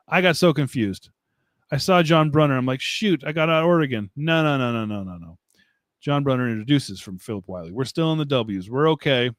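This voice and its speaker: A man's voice: mid-range voice, dry recording, studio quality. Rambling, laughing man hosting a live stream. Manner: rambling and self-mocking, laughs often, answers chat comments. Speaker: livestream host. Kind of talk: casual live-stream chat. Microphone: desk mic, streaming setup.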